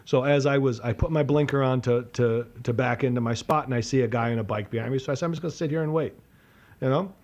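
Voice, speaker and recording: A man's voice: mid-range voice, fast talker, hardly any pauses, dull audio. A man in his forties tells a rambling story in casual podcast banter. He swears freely, acts out the voices in his story and breaks off sentences to restart them, speaking in an ordinary mid-range voice. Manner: profane, animated storyteller with self-interruptions. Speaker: podcast co-host. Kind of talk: casual storytelling among friends.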